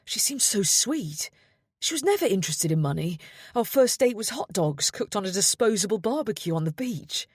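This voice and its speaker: A woman voicing a gentle, emotional young man in an audiobook, speaking haltingly. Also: medium pitch, sing-song, husky, dry recording, studio quality, pitched above the performer's own voice. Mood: rueful.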